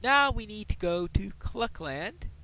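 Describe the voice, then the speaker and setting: A man's voice: high voice, lively intonation, a little slow, sharp tone. A man giving casual gameplay commentary, chatting and explaining the game mechanics as he plays.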